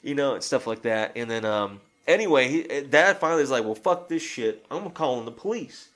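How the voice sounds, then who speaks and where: A man's voice: medium pitch, expressive, normal speed, a bit bright. A man in casual chat, retelling a film scene by scene through quoted lines, with a rambling, profane way of talking.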